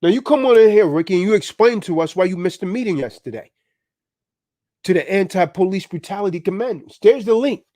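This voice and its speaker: Man, livestream preacher; high, very lively delivery, dead-dry sound. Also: a little fast, dry recording. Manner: preachy, exhorting, repeats "man". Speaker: livestream host.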